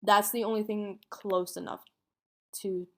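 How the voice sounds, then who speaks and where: A woman's voice: medium pitch, little pitch movement, measured pace, pushed and bright. A woman co-hosting a podcast, telling a true crime story in a casual way and acting out what people said. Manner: acts out quotes, sometimes drops to a whisper.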